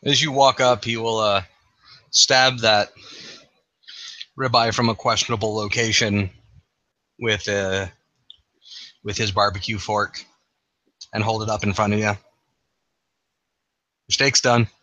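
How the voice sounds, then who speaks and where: A man narrating a tabletop game as game master, in drawn-out, halting narration with fillers. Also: on the low side, little pitch movement, sharp tone, dry recording.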